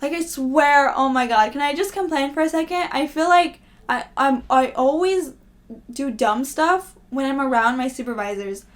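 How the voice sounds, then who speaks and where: A woman's voice: sits high, moderate pace. A young woman vlogger in casual, rambling, self-deprecating chat to camera, often laughing.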